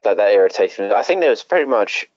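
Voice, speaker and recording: A man's voice: on the low side, big pitch swings, fast talker, darkish tone, dry recording, dull audio. A man co-hosting a podcast, chatting casually, exasperated and swearing, laughing often. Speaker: podcast co-host. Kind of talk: casual chat.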